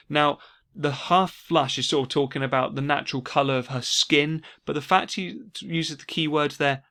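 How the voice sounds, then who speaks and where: Bright-voiced man teaching a lesson. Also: a little high, steady tone. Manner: explanatory, repeats key words slowly for emphasis. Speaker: English teacher. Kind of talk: exam revision lesson.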